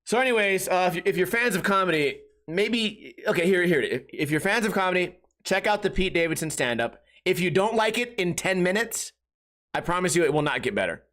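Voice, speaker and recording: Male podcast host, high and bright voice, casual exasperated comic rant. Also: lively intonation, fairly quick. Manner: exasperated storytelling, mimics friends in raised voice.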